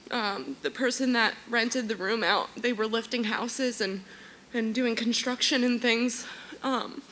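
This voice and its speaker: A woman's voice: a little high, bright, forceful tone, low-quality recording. A woman speaking at a memorial service about a friend, emotional and earnest, close to tears at times. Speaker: friend giving a eulogy. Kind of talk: memorial speech. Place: church hall.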